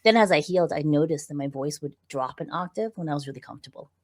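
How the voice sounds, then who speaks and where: Low-voiced woman coaching on voice. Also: fast. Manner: animated and explanatory, frequent "right?" check-ins. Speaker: podcast guest, visibility coach. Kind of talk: conversational interview.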